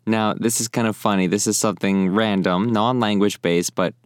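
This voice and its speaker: Lowish-voiced man teaching, slow and clear. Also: steady tone, no room sound, clean studio sound. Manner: friendly, repeats phrases slowly and clearly. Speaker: language teacher. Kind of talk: casual spoken lesson.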